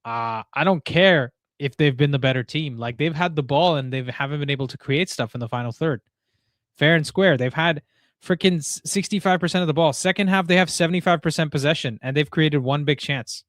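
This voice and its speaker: Young man, football watchalong host, excitable, slangy, higher voice, dry sound. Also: a little fast, no echo. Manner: excitable, slangy, frequent "bro" and "dude". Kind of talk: live football watchalong commentary.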